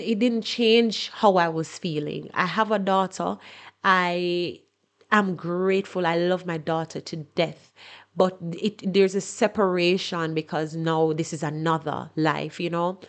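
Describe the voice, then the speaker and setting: A woman on her podcast, talking openly about a painful time in her life. Her voice sits a little low, and she speaks with raw emotion, often restarting and repeating words as she goes. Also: unhurried. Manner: emotional, candid, repeats words when searching. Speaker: podcast host. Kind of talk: personal storytelling monologue.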